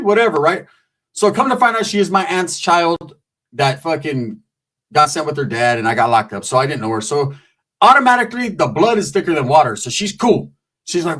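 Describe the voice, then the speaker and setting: Animated and brisk, with a bit of brightness to his voice, a man narrates a comic story casually, using slang and profanity and squeaky voices for quotes.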